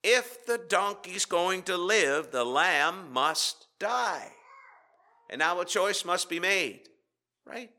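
Bright-voiced preacher with dramatic pauses. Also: male voice, high voice, lively intonation. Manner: dramatic pauses, rhetorical questions, swings from loud to hushed. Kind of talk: sermon. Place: church.

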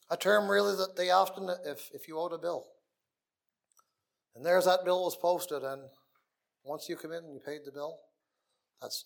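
A man's voice: fairly high pitch, vocal fry. A man preaching a gospel sermon in an earnest way, repeating key phrases and dropping to a near whisper on the most solemn lines.

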